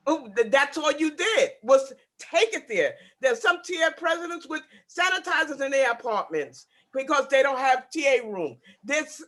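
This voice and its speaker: A woman's voice: high voice, bright, forceful tone. A woman in her sixties making an emotional public comment on a video call, upset and pleading, repeating herself. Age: 60s. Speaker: public housing resident speaking at a community board meeting.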